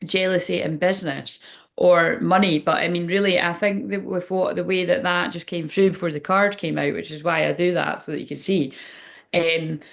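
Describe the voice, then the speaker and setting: A woman gives a casual, rambling live tarot reading. Her voice has a gravelly, fried edge, and she drifts between thoughts and swears freely. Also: on the low side, steady tone, normal speed. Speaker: tarot reader.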